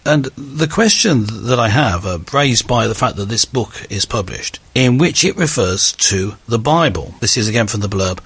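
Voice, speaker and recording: A man hosting an audio discussion, talking in an earnest, animated conversational way. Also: mid-range voice, normal speed, hardly any pauses, breathy edge, no echo. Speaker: podcast host.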